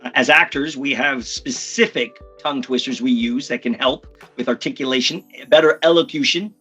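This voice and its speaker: A man coaching on public speaking in a podcast interview, with a bright, forceful edge and a husky grain in his voice. He talks emphatically and jumps into short impressions to make his point. A faint music bed runs underneath. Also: medium pitch. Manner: energetic, emphatic, slips into quick impressions. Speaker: communication coach.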